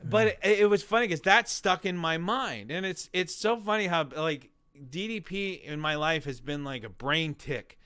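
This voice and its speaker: A man in his forties, a guest telling a long story in an interview, animated and rambling, full of restarts and acted-out quotes. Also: fairly high pitch, normal speed, hardly any pauses, clear, resonant tone, dry recording. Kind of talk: conversational storytelling.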